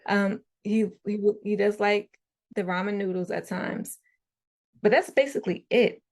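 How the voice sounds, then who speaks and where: A woman talking casually as a podcast guest, telling stories in a chatty, animated way. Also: medium pitch, normal speed. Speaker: guest parent.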